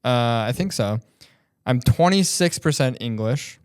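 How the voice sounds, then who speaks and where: Smooth-voiced young man teasing on a podcast. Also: medium pitch, lively intonation, unhurried, darkish tone, no echo, studio quality. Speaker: podcast co-host. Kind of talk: casual chat.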